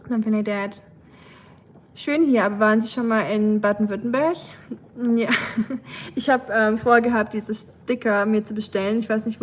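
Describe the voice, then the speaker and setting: A woman from Germany with a German accent, casually chatting on a livestream and answering her viewers' comments, with frequent pauses. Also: a little high, slight background noise, rough recording. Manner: chatty and rambling, with frequent "um" pauses and light laughs; switches between English and German. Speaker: livestream host.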